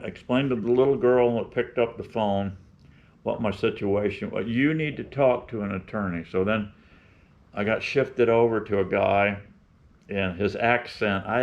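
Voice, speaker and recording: A man in his seventies from with a drawl, talking to his beekeeping channel in a folksy, opinionated, rambling way. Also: fairly low pitch. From Florida. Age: 70s. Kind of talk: rambling casual vlog talk. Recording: dull lo-fi sound.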